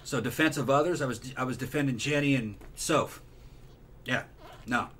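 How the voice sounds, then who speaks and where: A man's voice: medium pitch, moderate pace, fairly bright tone, slight background noise. A man hosting a casual podcast chat, emphatic and opinionated, swearing often. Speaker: podcast host.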